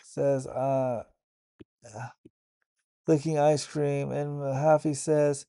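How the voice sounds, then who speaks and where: Male reviewer, slightly higher voice with a dark, mellow tone, halting stop-start episode recap. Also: little pitch movement, creaky. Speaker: YouTube reviewer.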